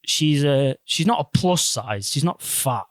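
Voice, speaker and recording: A man's voice: medium pitch, measured pace, dry recording. A young man, casually retelling a story on a podcast, swearing freely and acting out the quotes. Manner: animated storytelling, swears a lot, acts out quotes. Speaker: podcast host. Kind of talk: casual chat.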